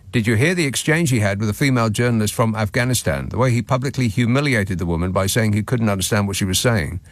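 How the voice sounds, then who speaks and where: A man hosting a radio phone-in, his delivery sardonic and laced with chuckles as he reads listeners' messages aloud. His pitch moves a lot, rising and falling for emphasis. He speaks close to a studio mic in a dry, dead room. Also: no room sound. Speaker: radio talk show host. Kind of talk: late-night radio phone-in monologue. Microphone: studio microphone.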